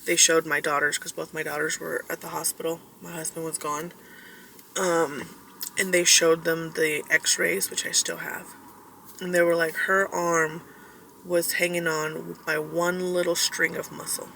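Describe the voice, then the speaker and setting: Middle-aged woman vlogger, rambling and candid, gravelly voice, a bit off-mic, for a casual car-ride vlog. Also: sits low, little pitch movement, unhurried, sharp tone, recorded from a distance, low-quality recording. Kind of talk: casual personal storytelling. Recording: road noise, mic held away.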